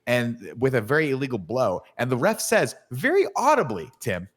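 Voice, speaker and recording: A man co-hosting a podcast, retelling a movie plot in an animated, profane, casual way. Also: mid-range voice, moderate pace. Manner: animated, profane storytelling with acted-out quotes. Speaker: podcast co-host. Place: studio.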